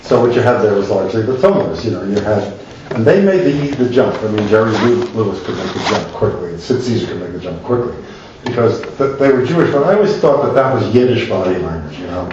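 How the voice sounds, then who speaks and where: A man's voice: fairly low pitch, expressive, fast talker, darkish tone, a little hiss or hum. An older man, an author, answering questions at a live talk, rambling with many restarts and asides. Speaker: author and speaker. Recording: echoey hall, distant dull mic.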